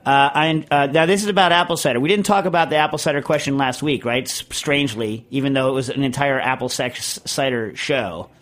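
Rambling, excitable man hosting a podcast. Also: medium pitch, brisk, hardly any pauses. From Connecticut. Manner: rambling, excitable, tells stories with put-on voices. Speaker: podcast host reading listener questions. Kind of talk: casual chat.

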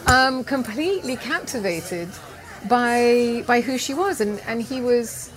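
Woman spinning an animated anecdote. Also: on the high side. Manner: animated anecdote-telling with laughs and quoted voices. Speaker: cooking teacher, guest. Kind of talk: storytelling interview. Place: outdoor farmers' market event. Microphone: handheld interview mic, live recording.

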